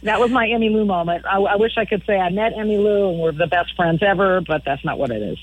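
A woman's voice: mid-range voice, fast talker. A middle-aged woman, a musician guest on a radio interview, telling stories frankly and often repeating words as she talks. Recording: phone-line audio.

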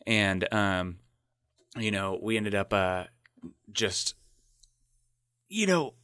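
A man in casual conversation, his pitch rising and falling freely as he talks. He circles back and restarts his thoughts often, and the sound is close and dry with no room around it. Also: lively intonation, extremely slow, sharp tone, clean tone, no echo. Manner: rambling with restarts and fillers. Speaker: podcast co-host. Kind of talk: casual chat about wrestling.

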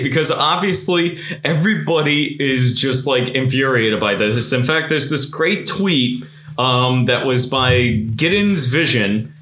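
A man co-hosting a casual podcast, reading articles aloud with profane, sarcastic asides in an animated way. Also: medium pitch. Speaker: podcast co-host. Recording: roomy echo.

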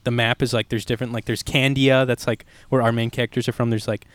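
A man's voice: mid-range voice, little pitch movement, fast, clean tone, no echo. A young man co-hosting a podcast, chatting loosely with lots of fillers and swearing. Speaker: podcast co-host. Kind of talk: casual chat.

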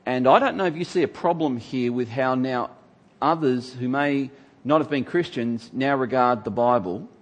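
A man's voice: mid-range voice, normal speed. A man teaching from the Bible in a conversational sermon, emphatic and acting out the people he quotes.

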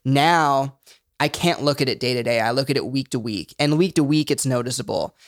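Man, podcast guest, mid-pitched voice, dry close sound, candid, earnest, says "like" a lot. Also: brisk, no room sound. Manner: candid and earnest, uses "like" often. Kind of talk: casual podcast chat.

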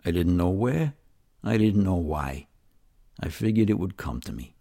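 A man's voice: low voice, lively intonation, unhurried, vocal fry, warm tone. An older man with a New York accent telling his life story in a folksy, conversational way, talking straight to the listener. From New York City. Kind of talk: storytelling narration.

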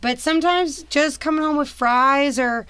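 Casting note: woman podcast co-host, slightly high voice, chatty and giggly. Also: normal speed, a bit bright. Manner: chatty, lots of "like" fillers, laughs easily. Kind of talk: casual chat.

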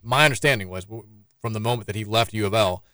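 A man hosting a sports talk show, reading listener messages aloud in a quick, rambling flow. His speech runs fast, and the studio sound is dry and close. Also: lowish voice, sharp tone, no room sound. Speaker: sports radio host.

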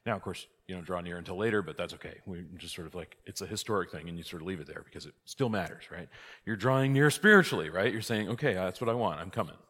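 Low-voiced male priest teaching a class, lively and questioning, in a reverberant hall. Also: quick pace, slightly rough. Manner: lively, rhetorical questions, emphatic outbursts. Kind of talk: conversational church class teaching. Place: church hall.

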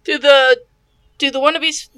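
A woman chats as a player in a tabletop game, sleepy yet playful. Her voice is high, and the sound is dry and close. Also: little pitch movement, a little slow, a bit bright, no room sound. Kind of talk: casual chat at a tabletop game.

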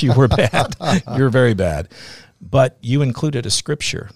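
A man's voice: deep voice, vocal fry, a little mellow, no echo, clean studio sound. A middle-aged man, a radio host as guest, telling his faith story in an earnest, reflective way. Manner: earnest, reflective, laughs easily.

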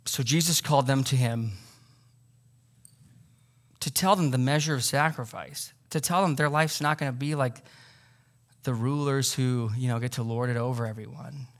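A man's voice: medium pitch, normal speed, pauses often. A male pastor preaching a sermon in a loose, conversational way, joking with the congregation and pressing his points with emphasis.

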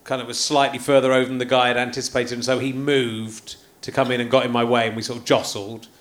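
A man hosting a live podcast chats easily, laughing between anecdotes of his own. His voice sits at an ordinary middle pitch. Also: level tone, fast, fairly bright tone. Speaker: podcast host. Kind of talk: casual chat. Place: theatre stage.

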